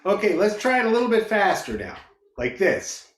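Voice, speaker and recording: A man's voice: sits high, sing-song, moderate pace, echoey room, a little hiss or hum. A man teaching a beginner fiddle class online, encouraging students, counting them in and calling out the notes. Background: fiddle playing.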